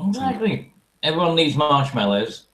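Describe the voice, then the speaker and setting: A man's voice: fairly high pitch, very animated, normal speed, a bit bright, poor audio. A man hosting a casual livestream, rambling through stories with crude humor, fillers and frequent laughter. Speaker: stream host.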